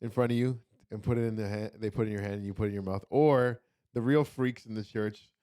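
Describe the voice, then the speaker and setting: A man's voice: fairly low pitch, fairly even intonation, fast talker, mellow, clean tone. A young man from Canada, a comedian guest telling stories and cracking jokes in casual chat. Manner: joking, storytelling.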